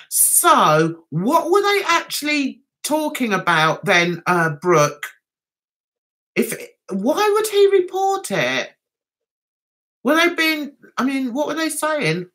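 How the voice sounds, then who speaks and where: A woman hosts a relaxed livestream chat, giggling often and calling her viewers darling and sweetheart. Her voice sits high and swoops around brightly. She takes her time over each comment. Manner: chatty, giggly, affectionate with viewers. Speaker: livestream host.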